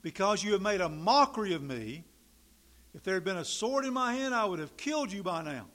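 A man playing an angry man who loudly threatens his donkey. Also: high-pitched, animated, brisk, pitched above the performer's own voice. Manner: loud, threatening.

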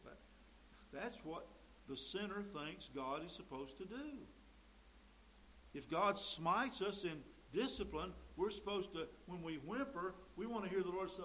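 A man preaching a sermon, emphatic, swinging between loud stresses and quiet mimicked asides. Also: high-pitched, expressive, moderate pace, slight background noise, low-quality recording. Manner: emphatic, rising and dropping to mimic quoted voices.

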